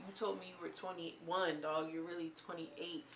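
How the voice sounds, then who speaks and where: Woman, casual reality show recap, animated storyteller, bright voice, roomy echo with faint hiss. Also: lowish voice, normal speed. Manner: animated, retells scenes in quoted voices. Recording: echoey room, faint noise.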